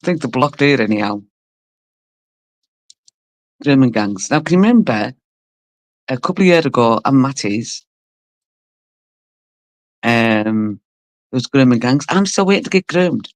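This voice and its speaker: A woman's voice: expressive, measured pace, long pauses, no echo. Chatty, blunt woman. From Cumbria, England. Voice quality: low, rough voice she calls mannish. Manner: chatty and blunt, swears, laughs often. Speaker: livestream host. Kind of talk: casual live-stream chat, greeting viewers.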